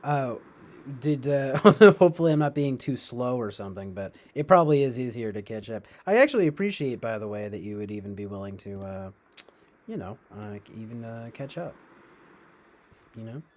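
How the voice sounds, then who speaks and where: With medium pitch, lively intonation, and a darkish tone, this man talks at a moderate pace. He rambles casually on his livestream, sarcastic and quick to laugh, and tends to let his words trail off.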